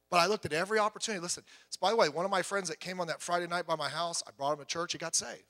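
A bright, high-pitched man in his fifties preaching in a big hall with long reverb. He tells stories with animated voices for the people in them and drops to a hush before rising loud again. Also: fast talker. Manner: animated storytelling, acts out quoted voices, swings from loud to hushed. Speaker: pastor. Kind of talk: sermon.

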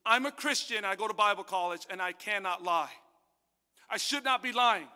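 A man with a very high, bright and piercing voice preaches to his church. His tone is smooth and clear, and a long echo hangs behind him in the hall. He tells his story with animated swings, from hushed asides to loud bursts. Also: moderate pace. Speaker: pastor. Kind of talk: sermon with personal testimony.

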